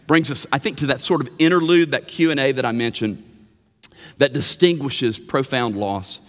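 A man preaching a sermon as pastor, animated, swinging from emphatic lines to hushed ones. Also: medium pitch, moderate pace, big-room sound. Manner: animated preaching with sudden drops to a hush. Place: church sanctuary.

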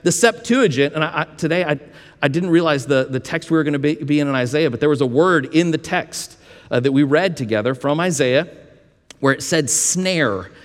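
A man's voice: fairly high pitch, lively intonation, normal speed. A man preaching a sermon in a conversational way, with folksy asides and frequent restarts. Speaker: pastor. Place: church sanctuary. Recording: long reverb of a church hall.

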